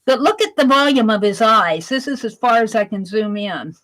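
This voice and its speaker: A chatty woman from Wisconsin sketches on a live art stream, narrating her drawing and reading the chat aloud. Her voice is a little high, sing-song and a bit bright at a moderate pace, and the recording quality is low.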